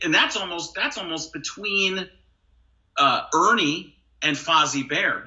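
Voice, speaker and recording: A male comedian and impressionist chatting on a podcast, lively and quick to slip into impressions. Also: fairly high pitch, muffled recording. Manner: animated, jumps into brief celebrity impressions. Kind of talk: casual podcast chat with quick impression demos.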